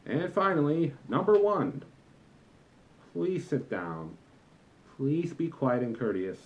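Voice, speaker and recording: A young man rants to camera in a comedic vlog, exasperated and lecturing as he stresses every complaint. His voice sits a little high and swings widely in pitch. The sound is dull and lo-fi. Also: expressive, takes it slowly. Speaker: vlogger, former movie theater employee.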